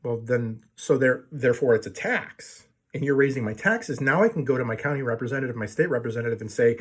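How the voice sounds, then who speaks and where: A man's voice: medium pitch, lively intonation, fast talker, slightly rough. A man telling a long story to his viewers in a casual, profane way, full of fillers and restarts. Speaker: video blogger telling a story.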